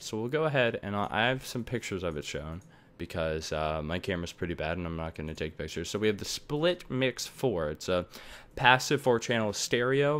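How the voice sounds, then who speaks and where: A man's voice: on the low side, a bit bright. A young man giving a casual, rambling tutorial on recording setups, full of fillers and offhand asides, recorded on a desktop microphone at home. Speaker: tech tutorial maker. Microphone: desktop USB microphone.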